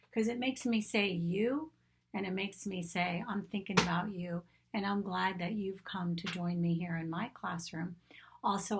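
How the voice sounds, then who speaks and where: A woman teacher, gently leading young children through a vowel lesson and sounding out each letter. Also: mid-range voice, vocal fry. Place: home classroom setup.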